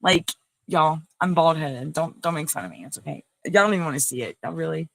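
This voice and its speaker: A woman's voice: low-pitched, a little fast, vocal fry, slight background noise. A woman hosting a casual livestream, chatting in a rambling way and greeting viewers by name. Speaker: livestream host. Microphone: phone.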